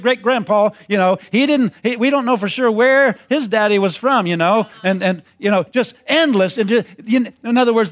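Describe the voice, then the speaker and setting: This is a sermon from a high-voiced male preacher. His delivery is folksy and repetitive, building up toward ringing, shouted emphasis.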